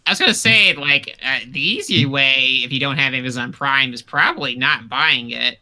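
A woman's voice: extremely low pitch, normal speed, bright, forceful tone. A woman in casual chat, opinionated and swearing casually.

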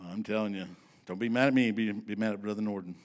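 A man preaching a sermon to his congregation in a folksy, emphatic style, slowing down to read scripture and speeding up for asides. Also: lowish voice, steady tone. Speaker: pastor.

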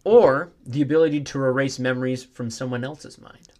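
A man's voice: medium pitch, steady tone, moderate pace, a little mellow. A young man co-hosting a casual podcast, goofy and playful, often talking to the listeners. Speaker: podcast co-host. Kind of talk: casual chat.

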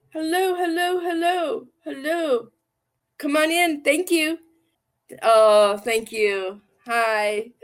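Woman livestream host and tarot reader, mid-pitched, chatty and rambling, affectionate, casual. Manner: chatty, rambling and affectionate, often repeating words.

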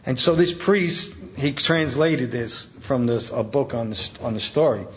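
A man preaching a sermon as a Catholic priest, telling stories in a colloquial, animated way with emphatic asides. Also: mid-range voice, measured pace. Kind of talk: storytelling sermon. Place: talk at a conference event. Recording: dull lo-fi event recording.

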